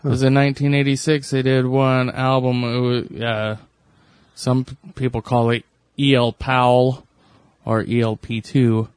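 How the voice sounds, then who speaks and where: A man's voice: mid-range voice, little pitch movement, unhurried, smooth, no room sound. Man sharing trivia, dry close sound. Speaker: co-host. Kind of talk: casual podcast chat.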